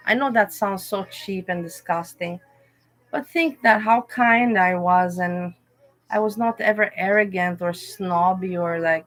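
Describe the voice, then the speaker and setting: A woman's voice: medium pitch, a little slow, fairly bright tone. A woman hosting a livestream, talking in a candid, rambling, emotional way. She tells personal stories in a casual chat. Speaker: livestream host.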